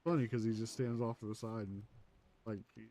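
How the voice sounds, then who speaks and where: A man streaming from his home computer talks in a mellow, dark-toned voice through a headset, rambling and cursing as he plays. The sound is dry and close, with no room around it. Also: lowish voice, fairly even intonation, brisk, no echo. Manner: rambling, profane, swears freely. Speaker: gaming streamer. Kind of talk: casual chat while playing a game.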